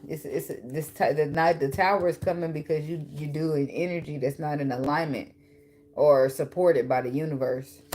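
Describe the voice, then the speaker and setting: Low-voiced, blunt and profane woman tarot reader. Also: dark tone, slight background noise. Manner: blunt, profane and teasing, with frequent laughs. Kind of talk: casual tarot reading.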